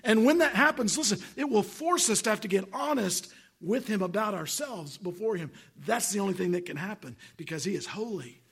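A middle-aged man preaching with a high voice that is gravelly and husky. He preaches emphatically and repeats phrases. He reads scripture aloud to his congregation. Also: lively intonation, a little fast, fairly bright tone. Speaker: pastor. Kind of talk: sermon.

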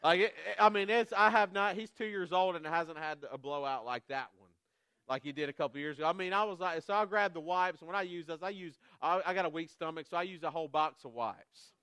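A man in his thirties preaching a sermon, self-deprecating and conversational, with animated storytelling that builds to loud peaks. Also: fairly high pitch, a little fast, smooth, no room sound. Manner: animated storytelling, rising to near shouts at climaxes. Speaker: guest preacher.

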